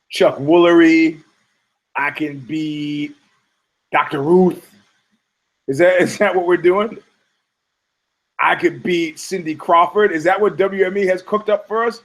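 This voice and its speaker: A middle-aged man hosts a podcast with a slightly higher-pitched voice. He rambles and rants sarcastically, peppering his talk with profanity. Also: low-quality recording. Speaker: podcast host. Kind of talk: casual rant.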